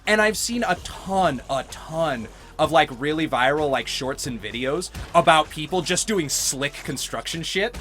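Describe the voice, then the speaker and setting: A man's voice: on the high side, lively intonation, unhurried, few pauses, a bit bright. A middle-aged man chatting casually while playing a video game, telling rambling stories and laughing often. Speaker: gaming host. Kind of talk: casual let's-play chat.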